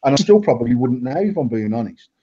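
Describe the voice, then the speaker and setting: A man's voice: medium pitch, big pitch swings, fast talker, dark tone, slightly rough, lo-fi sound. A man from England co-hosting a casual chat, blunt and rambling, swearing freely and restarting his sentences. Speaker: vape company owner, co-host.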